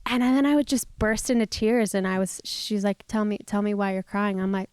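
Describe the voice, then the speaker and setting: A woman hosting a podcast who tells a personal story openly and reflectively. Her delivery moves between soft, hushed passages and emphatic ones. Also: medium pitch, fairly even intonation, normal speed, clear, resonant tone, dry recording.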